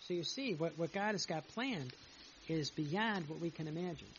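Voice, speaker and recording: A priest with a high voice delivers a heartfelt sermon, repeating his words and restarting sentences as he explains a reading. The recording is a little muffled, with a faint hiss underneath. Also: moderate pace. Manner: earnest, repetitive, reads passages aloud then comments with restarts. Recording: slightly dull with faint hiss.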